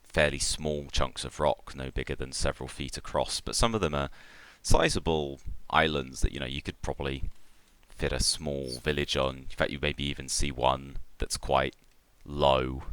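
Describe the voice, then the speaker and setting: A man narrating a tabletop role-playing game as game master, describing scenes at a relaxed pace with frequent ums. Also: very deep voice, normal speed, clear, resonant tone, no echo.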